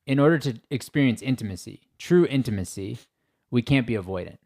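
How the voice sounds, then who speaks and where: A man's voice: medium pitch, animated, brisk, darkish tone. A man in his thirties hosts a casual podcast interview in a mid-range voice. He speaks candidly and folksily, dropping in "like" as he talks things through. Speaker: podcast host.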